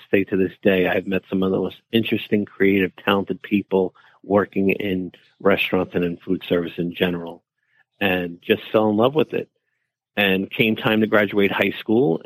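A man's voice: deep voice, no echo, rough recording. A man with a New York accent, a chef guest in an interview, telling his story in an easygoing, anecdotal way. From New York City. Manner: easygoing, anecdotal, quotes family in voices.

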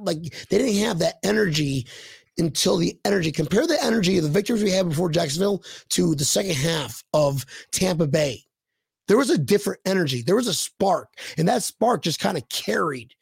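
A man co-hosting a casual sports podcast livestream, excitable, stammering through restarts and reading out viewer comments. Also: high voice, gravelly, slightly rough, no room sound. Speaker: podcast co-host.

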